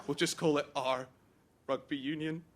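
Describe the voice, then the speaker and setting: A man's voice: on the high side, fairly even intonation, normal speed, background noise, close to an everyday voice. A man playing a jealous, crude best man. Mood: declaring. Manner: crude, mocking, jealous rant. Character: jealous, crude young male best man giving a wedding toast. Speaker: best man giving a wedding speech. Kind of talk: comic stage monologue.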